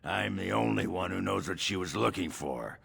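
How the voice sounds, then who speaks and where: An actor playing a boozy, blunt male dwarf warrior in a video game, with a rough, gravelly voice and a mocking, laughing manner. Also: sits low, moderate pace, fairly bright tone, full character voice. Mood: gruff. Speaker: game character.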